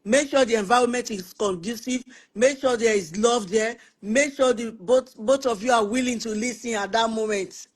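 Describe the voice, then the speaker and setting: A woman's voice: a little high, normal speed, slightly rough. A woman hosting a Christian family talk stream. She gives practical marriage advice conversationally and often repeats words for emphasis. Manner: animated, acts out spouses' quoted lines. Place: online live stream.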